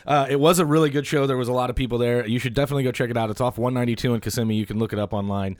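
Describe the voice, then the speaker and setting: A man hosting a casual podcast, a stand-up comic who rambles with fillers, laughs often and gets excitable. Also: mid-range voice, rapid-fire, dry recording. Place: indoor podcast room. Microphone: studio mic, also on camera.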